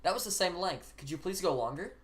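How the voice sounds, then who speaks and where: A man streamer bantering casually on a live stream, making teasing deadpan requests with occasional laughing asides. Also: high-pitched, brisk, noisy background.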